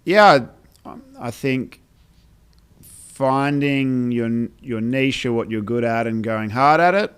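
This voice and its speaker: An Australian man, a brand founder, telling stories in a relaxed interview chat with many fillers and restarts. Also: medium pitch, takes it slowly, clear, resonant tone. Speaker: brand founder, podcast guest.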